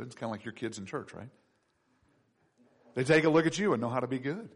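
A man preaching a sermon with a fairly high, very lively voice. He swings from quiet, low asides to loud, soaring pleas. His delivery is animated and full of feeling. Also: moderate pace, slightly rough. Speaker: pastor.

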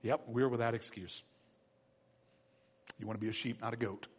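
A male pastor preaching a sermon in an animated way, acting out quoted voices. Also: mid-range voice, normal speed, breathy edge.

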